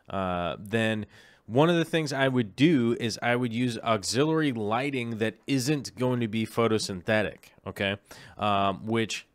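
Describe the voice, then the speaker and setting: A man hosts a casual live stream, talking through questions in a loose, rambling way, full of ums and self-corrections. His voice sits a little low and sounds smooth and clean. The recording is dry and close, with no room sound. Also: dry recording. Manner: rambling, many ums and restarts. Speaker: aquarium show host.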